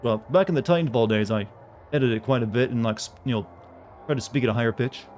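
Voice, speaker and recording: A male game streamer chatting casually with his viewers in a dry, flat monotone. His voice sits at an ordinary middle pitch, with faint background noise. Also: fast talker.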